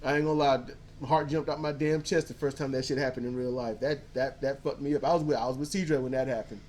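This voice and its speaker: A podcast co-host in a casual movie-review chat, telling stories in an animated way and acting out quotes. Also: medium pitch, fast talker, a little hiss or hum. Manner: animated storyteller, acts out quotes; casual, swears freely.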